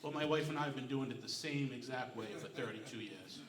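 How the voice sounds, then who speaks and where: A middle-aged man doing a stand-up comedy set on a club stage, telling deadpan, self-mocking stories. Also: medium pitch, fairly quick, reverberant, far from the mic, a little hiss or hum. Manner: deadpan storytelling, self-mocking one-liners.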